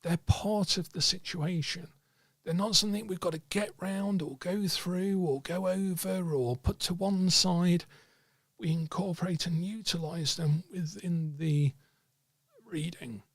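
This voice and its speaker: A man's voice: high voice, fairly even intonation, a little slow, no room sound. Hesitant man teaching tarot. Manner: thoughtful, hesitant, many fillers and restarts. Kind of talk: livestream teaching talk.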